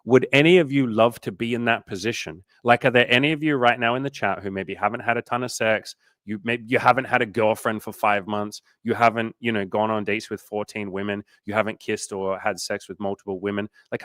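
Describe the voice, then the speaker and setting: Lowish-voiced, profane man coaching on a livestream. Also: fairly quick, few pauses, dry recording, clean studio sound. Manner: energetic, profane, pep-talk delivery. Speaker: dating coach. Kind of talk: casual livestream chat.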